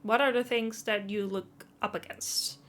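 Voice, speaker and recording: A woman's voice: mid-range voice, steady tone, a little slow. A woman streaming live, chatting casually and self-consciously while reading chat.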